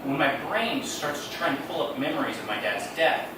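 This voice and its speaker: A man telling comic personal stories on stage with a wry, deadpan delivery. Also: fairly high pitch, a little fast, noisy background. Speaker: storyteller. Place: theater stage. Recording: echoey room, distant mic, loud background.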